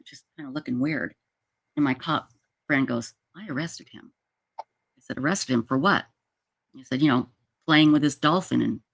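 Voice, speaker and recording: A woman hosting a livestream, telling a story in a casual, animated way with plenty of restarts, speaking over a video call. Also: low-pitched. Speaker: livestream host.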